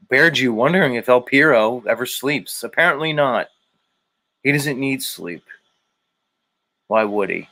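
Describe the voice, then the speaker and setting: A man's voice: medium pitch, normal speed, gravelly, fairly bright tone. Rambling, joking livestream host man. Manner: rambling, joking, profane, humming to himself. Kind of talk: casual livestream chat reading viewer comments.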